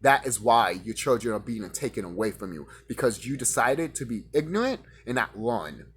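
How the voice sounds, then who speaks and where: A man delivering a profane, confrontational rant straight at his audience, now and then mocking his critics in a higher voice. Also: sing-song, moderate pace, a bit bright, a little hiss or hum. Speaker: vlogger ranting to camera.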